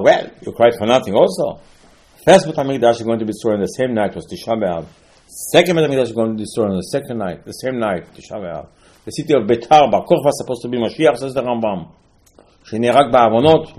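A man teaching a storytelling Torah class in non-native English phrasing. He acts out the people he quotes, with sudden loud outbursts and quiet asides. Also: mid-range voice, lively intonation, brisk.

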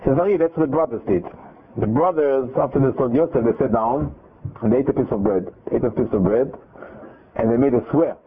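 A man's voice: mid-range voice, brisk, breathy edge. Man retelling a Torah story over phone. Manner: animated retelling with quoted dialogue and restarts. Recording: tinny phone-line audio.

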